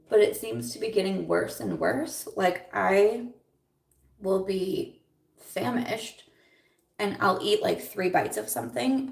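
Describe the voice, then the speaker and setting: A woman's voice: medium pitch, creaky, darkish tone, far from the mic. A young woman chatting casually in a livestream while doing her makeup, rambling with lots of fillers and nervous laughs. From Iowa. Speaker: beauty vlogger. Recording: roomy echo, voice a little off mic.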